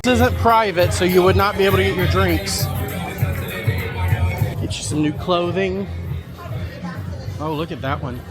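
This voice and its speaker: A man's voice: high-pitched, a little slow, pauses often, loud music behind the voice, over a noisy crowd. A man who works as a travel agent, chatting casually through a travel vlog as he walks around a cruise port, pointing things out with upbeat asides. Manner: chatty, upbeat tour-guide commentary with easy asides. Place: outdoors at a cruise port shopping area.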